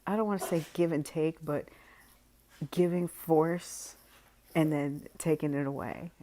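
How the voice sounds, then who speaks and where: A woman vlogger in a candid, casual monologue, speaking frankly with frequent laughs and trailing pauses. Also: low voice, fairly even intonation, dark tone, slight background noise.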